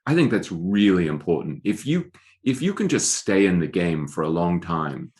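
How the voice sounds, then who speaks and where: A man's voice: low voice, sing-song, normal speed, darkish tone. A man with an English accent, an author speaking as a podcast guest, thoughtful and self-deprecating, often repeating words as he thinks. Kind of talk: podcast interview.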